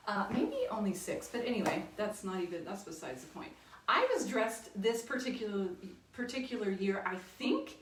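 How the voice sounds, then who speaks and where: A woman telling a funny story in a chatty way, often laughing and correcting herself. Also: fairly high pitch. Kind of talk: casual storytelling. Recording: echoey room, distant mic, faint noise.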